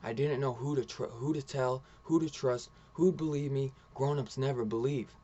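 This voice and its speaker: A man's voice: mid-range voice, moderate pace, warm tone, dull audio, lightly acted. A man retelling the lines of a frightened, weak teenage runaway boy in a plain, barely acted version of his own voice. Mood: pleading. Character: frightened fifteen-year-old runaway boy, weak and cold.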